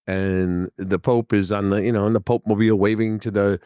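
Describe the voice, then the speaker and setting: A man's voice: lowish voice, level tone, a little fast, mellow, no echo. A man in his sixties from the Chicago area, hosting a podcast in a casual, rambling monologue and chuckling often. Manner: chatty, digressive, chuckling often. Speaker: podcast host.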